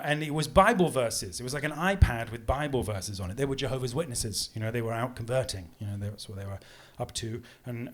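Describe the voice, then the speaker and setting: A man in his thirties performing a stand-up comedy set, telling stories with lively, shrill indignant outbursts. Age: 30s. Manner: animated storytelling, shrill outbursts when acting indignant. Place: pub comedy room with live audience. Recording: live pub gig with crowd laughter.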